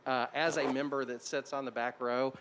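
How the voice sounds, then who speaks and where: A man's voice: medium pitch, little pitch movement, normal speed, a bit bright, a little hiss or hum. A man, a council member, making a short point in a dry, wry way.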